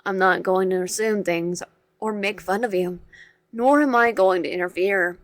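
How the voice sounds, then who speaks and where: Brief: woman as a supportive visual-novel hero, gentle, reassuring, mid-pitched, dry sound. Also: normal speed, no room sound, close to an everyday voice. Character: kind, supportive young player character.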